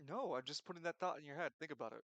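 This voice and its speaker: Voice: mid-range voice, expressive, very fast, a bit bright, dry recording, muffled recording. Blunt, swearing game master. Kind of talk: narrating a tabletop game.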